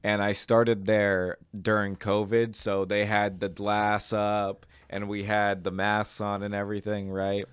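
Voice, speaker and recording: A man's voice: fairly low pitch, little pitch movement, a little slow, hardly any pauses, clean tone, no room sound. A young man guesting on a casual podcast, rambling with lots of "like" and "you know".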